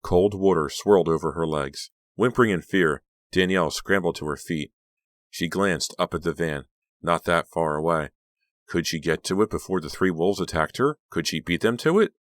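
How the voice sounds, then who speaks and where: Very deep-voiced man narrating. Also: dry recording. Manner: steady, measured storytelling. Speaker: audiobook narrator. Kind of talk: scripted narration.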